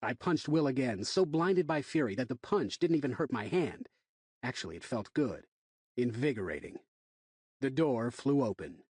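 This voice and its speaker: A man narrating a thriller audiobook in the first person, in an expressive, tense reading. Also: mid-range voice, normal speed, husky, no room sound.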